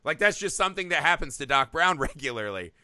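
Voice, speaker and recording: Lively bright-voiced man chatting. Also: fairly high pitch, fast talker, no echo. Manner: animated, swears freely, jumps into shouted impressions. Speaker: podcast co-host. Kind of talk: casual chat about movies.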